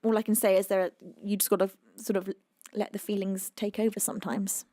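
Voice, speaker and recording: A woman's voice: mid-range voice, flat delivery, fairly quick, warm tone, no room sound, clean studio sound. A woman from the UK, a singer-songwriter chatting casually on her live stream, reading chat aloud with plenty of fillers and laughs.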